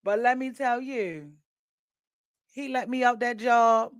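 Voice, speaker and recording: A woman hosting a podcast, talking in a chatty, animated storytelling way with asides to her listeners. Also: a little high, slow pace, no echo. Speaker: podcast host. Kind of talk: casual monologue.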